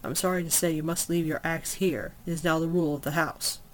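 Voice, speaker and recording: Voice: medium pitch, steady tone, brisk, a little hiss or hum, natural voice. A reader voicing a stern elf door warden who speaks in a formal, official way.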